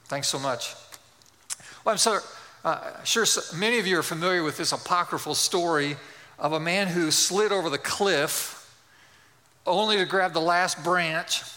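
A pastor preaching a sermon in an earnest, measured way, letting phrase endings drop softly, in a church sanctuary. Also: male voice, sits high. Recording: long reverb in a hall.

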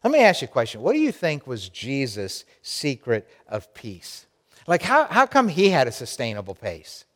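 A man's voice: medium pitch, wildly swooping pitch, moderate pace, fairly bright tone, big-room sound. A man preaching a sermon to his congregation, emphatic and direct, repeating key lines for effect. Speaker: pastor.

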